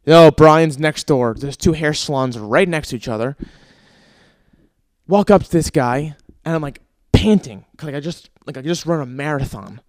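A man's voice: on the high side, moderate pace, no room sound, clean studio sound. A young man hosting his own podcast, telling stories in an exasperated, profane, ranting way with sighs and laughs between bits. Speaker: podcast host. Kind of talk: casual comedic monologue.

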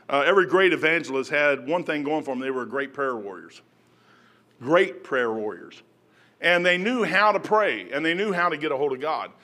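A man preaching a sermon in a folksy storytelling way, breaking into loud shouts when he acts out prayers. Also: on the high side.

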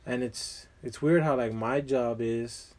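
A man's voice: mid-range voice, slow pace, darkish tone. A young man chatting casually as a guest, rambling with lots of fillers and slang. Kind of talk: casual chat.

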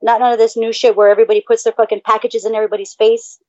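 A woman's voice: a little high, little pitch movement, racing, darkish tone, no echo, highs cut off. A woman from El Paso co-hosting a podcast in casual chat, cursing freely and erupting in mock-outraged outbursts. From El Paso, Texas. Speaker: podcast co-host.

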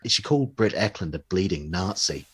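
A man's voice: sits low, expressive, fairly quick, fairly bright tone, breathy edge. A man co-hosting a podcast, talking casually and hesitantly about a documentary. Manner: hesitant, full of fillers and restarts. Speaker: podcast co-host. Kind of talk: casual chat reviewing a documentary.

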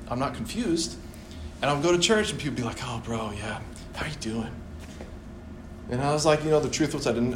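A young man preaching a sermon in a church, animated and playful, acting out voices as he tells the story. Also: medium pitch, a little hiss or hum. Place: church hall. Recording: echoey church room, faint ambience.

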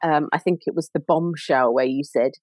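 A woman's voice: deep voice, moderate pace, a little mellow, no echo. A woman speaking as a podcast guest in a casual chat, earnest and reflective, often restarting her sentences.

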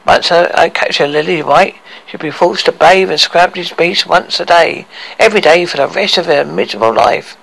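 A man's voice: high-pitched, normal speed, vocal fry, a bit bright, exaggerated voice, rough recording. A man doing a gloating villain queen. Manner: gloating, theatrical, cackling. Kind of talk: storybook read-aloud.

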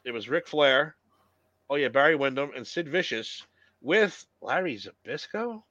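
A man's voice: medium pitch, lively intonation, unhurried, pushed and bright, no echo. A man co-hosting a podcast, chatting casually and rambling about old wrestling matches, swearing freely. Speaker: podcast co-host. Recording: dull lo-fi sound.

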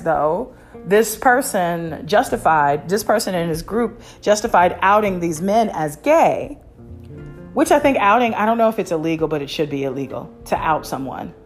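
Give me a candid woman podcast host talking casually. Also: lowish voice. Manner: candid, opinionated, lots of fillers and restarts. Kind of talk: casual chat.

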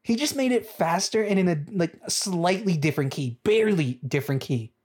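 A man giving excitable music reaction commentary, laughing often and repeating phrases for emphasis. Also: high-pitched, a little fast, slightly rough. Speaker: video creator.

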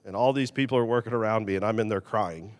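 A man preaching a sermon as pastor, animated, swinging between loud emphasis and quiet, confessional asides. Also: on the low side, fast talker, in a large hall.

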